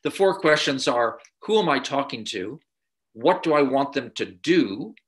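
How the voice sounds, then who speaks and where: A man delivers a screenwriting masterclass in an anecdotal, conversational lecture style. His voice is bright and forceful, and he often pauses on filler sounds and restarts his sentences. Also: medium pitch, animated.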